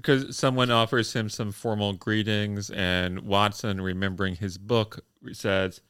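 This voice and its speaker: A man's voice: lowish voice, flat delivery, a little slow, hardly any pauses, fairly bright tone, clear, resonant tone, no room sound, studio quality. A young man co-hosting a podcast in casual chat, wry and playing up the jokes. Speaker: podcast co-host.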